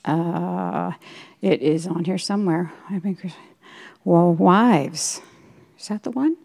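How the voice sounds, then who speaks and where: A woman's voice: lowish voice, animated, takes it slowly, gravelly, a little mellow. A middle-aged woman giving an earnest personal testimony in a devotional talk, telling stories and quoting herself and others. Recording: long reverb in a hall.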